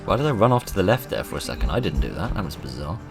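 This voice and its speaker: Man, low voice, lively swings in pitch, let's play commentary, self-mocking and excitable, faint game music underneath. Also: very fast, gravelly. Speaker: gaming video host.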